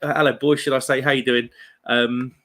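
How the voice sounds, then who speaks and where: A man's voice: medium pitch, level tone, brisk, a bit bright. Man, 30s, British accent, casual live-stream host, jokey, chatty, reads out comments. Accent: British English. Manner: chatty and jokey, calls viewers mate. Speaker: beer livestream host.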